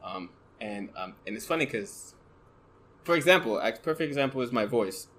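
Soft-voiced man searching for words. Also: medium pitch, lively intonation, normal speed, low-quality recording. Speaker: guest photographer. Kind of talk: casual conversation.

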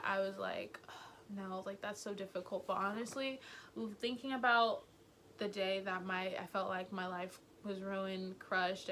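Young woman YouTuber, crisp bright voice, excitable and sincere, casual vlog delivery. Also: medium pitch, a little hiss or hum. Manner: earnest, excitable, passionate. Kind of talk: casual vlog talk, book review.

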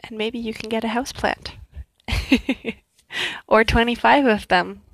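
A woman's voice: a little high, fairly even intonation, measured pace, creaky, a bit bright, no room sound. A young woman telling a personal story in a candid, reflective way, acting out her own past thoughts. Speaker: vlogger.

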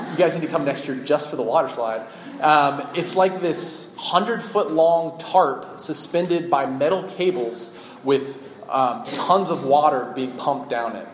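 A man in his thirties giving a relaxed sermon and telling a personal story, with frequent filler pauses. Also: mid-range voice. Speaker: campus minister. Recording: echoey hall with faint background noise.

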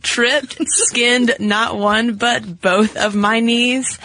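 A woman co-hosting a podcast, explaining things in casual chat with quick asides. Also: fairly high pitch, fairly even intonation, sharp tone, poor audio. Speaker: podcast co-host.

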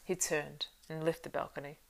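A woman reading a fantasy audiobook, narrating in a steady, unhurried way. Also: deep voice, creaky. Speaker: audiobook reader.

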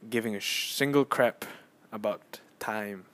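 Rambling, excitable young man podcasting. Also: on the low side, unhurried. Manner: rambling and excitable, many fillers and restarts. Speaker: podcast host. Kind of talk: casual solo podcast storytelling. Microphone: phone.

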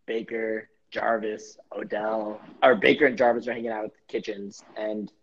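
A young man hosting a casual sports podcast, rambling through jokey theories and swearing freely. His voice is husky and slightly breathy. The recording sounds muffled and lo-fi. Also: on the low side, little pitch movement, normal speed. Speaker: podcast host.

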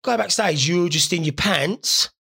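Young man, solo host, gravelly and bright, jokey and sweary. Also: sits high, moderate pace. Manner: rambling, sweary, jokey storytelling. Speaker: podcast host. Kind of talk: casual solo monologue.

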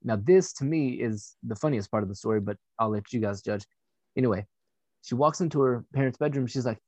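A man's voice: medium pitch, fairly quick, darkish tone, dry recording. Candid, profane young man telling a story. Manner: candid and profane, with frequent fillers. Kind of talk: casual personal anecdote.

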